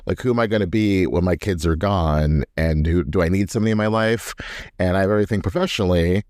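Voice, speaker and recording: A man with a very low voice co-hosts a relaxed chat, acting out reactions and laughing as he talks. The sound is dry and close to the mic. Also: quick pace, dry recording. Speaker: podcast co-host. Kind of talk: casual chat.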